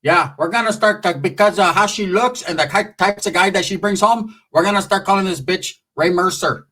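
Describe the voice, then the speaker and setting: A man's voice: sits high, brisk. A man telling a profane, rambling comic story. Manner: profane, rambling, animated with voices. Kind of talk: comedic storytelling.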